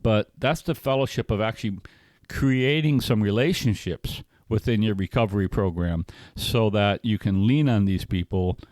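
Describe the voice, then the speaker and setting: A man's voice: on the low side, normal speed, darkish tone, dry recording. A middle-aged man, co-hosting a recovery podcast, telling a personal story in a rambling way, often checking in with "right?". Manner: rambling, frequent restarts and "right?" tags. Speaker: podcast co-host.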